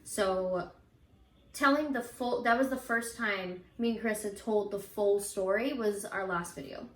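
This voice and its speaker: A woman's voice: unhurried, reverberant. A woman co-hosting a casual chat, telling a ghost story and acting out the frightened lines she quotes. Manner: animated, acts out scared quotes in a higher voice. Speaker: channel co-host. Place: home, indoors.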